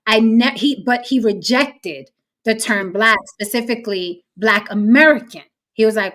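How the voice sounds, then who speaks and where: A woman hosting a casual panel discussion, talking in an animated, emphatic way and acting out voices she quotes. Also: fairly high pitch, normal speed. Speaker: panel host.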